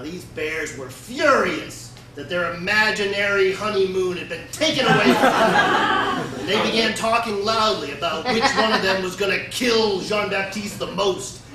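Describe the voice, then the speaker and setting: A man telling a folksy tall tale to a live audience in a deadpan, mock-solemn manner. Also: high voice. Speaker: storyteller. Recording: echoey room, distant mic, noisy.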